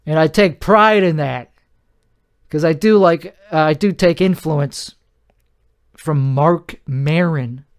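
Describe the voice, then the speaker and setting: A man's voice: a little high, slow pace, pauses often. A tired man rambling on his solo podcast at home, meandering, self-deprecating and often trailing off mid-sentence. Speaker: podcast host.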